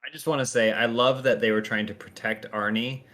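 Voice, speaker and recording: A man's voice: medium pitch, steady tone, a little fast, fairly bright tone. A man co-hosting a podcast, making wry, sarcastic comments in casual chat. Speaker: podcast co-host.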